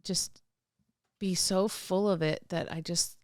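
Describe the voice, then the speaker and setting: A woman's voice: lowish voice, fairly even intonation, slow pace, dry recording, clean studio sound. A middle-aged woman telling candid personal stories as a podcast guest, rambling with restarts and laughs.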